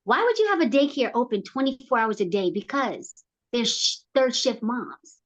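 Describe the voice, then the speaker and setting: A middle-aged woman, a program founder, telling her life story as an interview guest in an animated way and acting out quotes with big jumps in pitch. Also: moderate pace, lo-fi sound.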